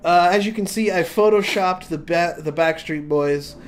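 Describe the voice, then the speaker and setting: A man pitching a comic idea, telling it as an animated story and acting out scenes. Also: moderate pace. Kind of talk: comic pitch, casual banter.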